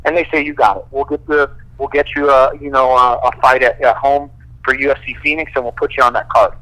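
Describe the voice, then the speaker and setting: A man, a fighter guest, casually telling profane, animated stories full of quoted dialogue. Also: mid-range voice, a little fast, poor audio. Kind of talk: casual storytelling.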